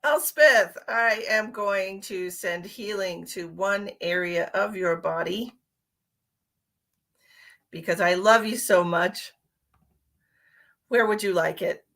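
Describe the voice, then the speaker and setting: A woman's voice: mid-range voice, slow pace, gravelly, long pauses, fairly bright tone. A woman who works as a psychic medium, chatting casually with viewers on her live stream. She is playful, laughs often and calls people sweetheart and honey.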